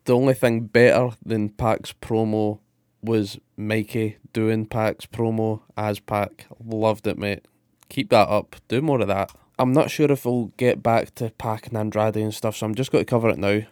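A man's voice: lowish voice, steady tone, moderate pace, a little mellow, clear, resonant tone, no echo, clean studio sound. A man, co-hosting a casual podcast and rambling with sweary enthusiasm. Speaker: podcast co-host. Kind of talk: casual wrestling podcast chat.

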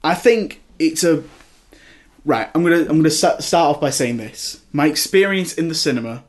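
A young man hosts a casual podcast chat, his voice sitting a little high for a man. He tells stories with animation and slips into loud impressions of other people. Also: normal speed. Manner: animated storyteller, mimics people loudly. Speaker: podcast host.

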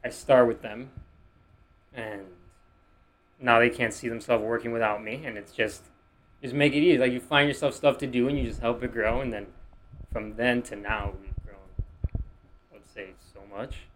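A man's voice: medium pitch, fairly even intonation, moderate pace, long pauses, a bit bright, poor audio. A young man from Miami with the accent to match chats on a podcast in an easy, rambling way, leaning on "like" as he searches for words. His voice sits in a middle register. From Miami, United States. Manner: loose, rambling, heavy use of "like". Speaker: podcast guest. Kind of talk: casual podcast chat.

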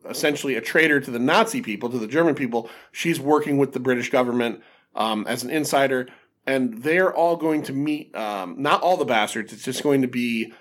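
A man's voice: medium pitch, fairly quick, fairly bright tone. A man hosting a casual film podcast, recapping scenes with lots of fillers and restarts. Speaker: podcast host.

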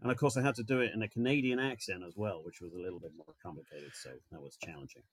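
An actor and writer chatting as a podcast guest, jokey and full of fillers. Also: male voice, lowish voice, fairly even intonation, racing, slightly rough, no room sound, rough recording. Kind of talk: casual chat.

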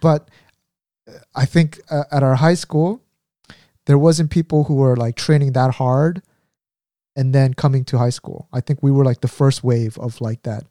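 A man talks through memories in a relaxed, mellow voice, dry and close. His speech wanders with frequent fillers and restarts. He slips into quick character impressions as he goes. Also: mid-range voice, no echo. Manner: rambling, filler-heavy storytelling with impressions. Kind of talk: casual conversation.

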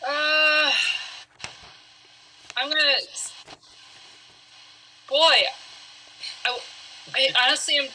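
A woman's voice: high-pitched, level tone, drawn-out words, long pauses, bright, forceful tone, slight background noise, low-quality recording. A woman playing as a contestant in a podcast game, hesitant and giggly. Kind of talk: casual chat.

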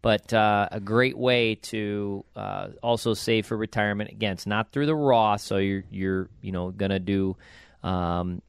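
A man's voice: lowish voice, steady tone, a little slow, vocal fry, clean tone, no echo, studio quality. A man hosting a casual finance podcast, chatty and upbeat with plenty of fillers. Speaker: podcast host.

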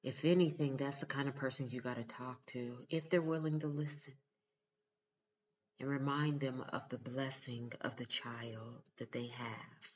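A woman's voice: extremely low pitch, fairly even intonation, unhurried, lo-fi sound. Earnest woman giving blunt advice. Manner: earnest, emphatic, direct. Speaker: mother giving relationship advice. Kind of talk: casual advice vlog.

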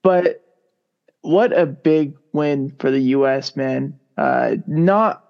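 A man's voice: fairly high pitch, takes it slowly, gravelly. Rambling man with a dull lo-fi sound. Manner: relaxed, rambling, many fillers. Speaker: podcast co-host. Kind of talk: casual sports podcast chat.

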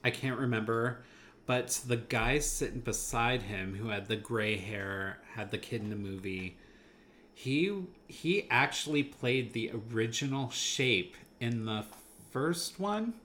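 A man's voice: medium pitch, lively intonation, slow, fairly bright tone, a little hiss or hum. A man chatting casually about a movie he saw, enthusiastic and rambling, laughing now and then. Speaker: movie podcast co-host. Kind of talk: casual movie review chat.

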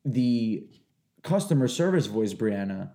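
A man in his twenties hosting a podcast, rambling and animated as he chats. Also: fairly low pitch, slow pace. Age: 20s. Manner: rambling, animated, laughs easily. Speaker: podcast host. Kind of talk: casual chat.

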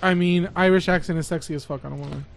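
A man's voice: high-pitched, fast talker, creaky, a little hiss or hum. A man co-hosting a podcast, telling stories in a crude, joking way. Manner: crude, joking, animated storytelling. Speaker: podcast co-host. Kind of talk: casual chat.

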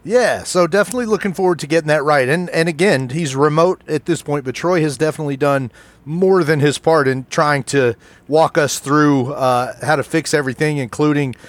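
A man's voice: a little high, a little fast, no room sound. An older man co-hosting a podcast in an easygoing, self-deprecating way, recorded remotely. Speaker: podcast co-host. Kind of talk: casual chat. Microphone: remote recording setup.

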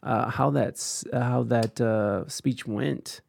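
A man's voice: mid-range voice, fairly even intonation, slow pace, creaky, darkish tone. A tired man doing casual reaction commentary. He reads news articles aloud and rambles, with frequent fillers and restarts. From United States. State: tired and yawning.

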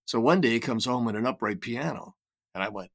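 A man's voice: mid-range voice, lively intonation, a little fast, vocal fry. An older man as an interview guest, telling reflective stories in a casual way with frequent restarts and repeated words. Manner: reflective storytelling with many restarts. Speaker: guest, writer and creator.

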